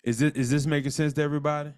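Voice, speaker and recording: A man teaching a marriage class on a live call, earnest, often repeating words and slowing down to dictate and spell out terms. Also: on the high side, flat delivery, clean tone. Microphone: call audio.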